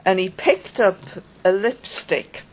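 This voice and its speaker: Slow, halting woman telling a story. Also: medium pitch, animated, low-quality recording. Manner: halting, wry storytelling with pauses. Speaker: interviewee recounting an experience. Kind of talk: first-person spoken account.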